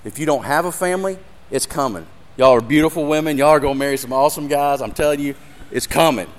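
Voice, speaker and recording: A man's voice: a little high, quick pace. Earnest man preaching. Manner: earnest, addresses audience directly, emotional. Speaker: ministry speaker. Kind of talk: sermon with live demonstration.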